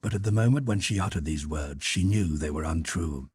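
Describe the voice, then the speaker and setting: A man narrating a classic novel as an audiobook reader in a breathy, measured storytelling voice. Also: extremely low pitch, darkish tone, no echo. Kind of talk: scripted narration.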